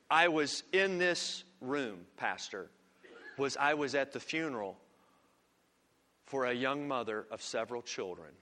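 Preacher guy, loud then hushed, sharp bright tone, big echoey church. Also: medium pitch. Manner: emphatic, swinging from loud to hushed. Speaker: pastor. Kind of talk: sermon. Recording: long reverb of a large hall.

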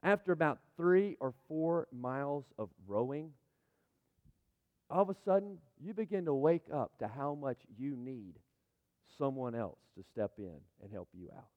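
A man preaching a sermon, emphatic and building to loud peaks as he speaks. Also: a little high. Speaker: pastor. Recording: dull sound, long hall reverb.

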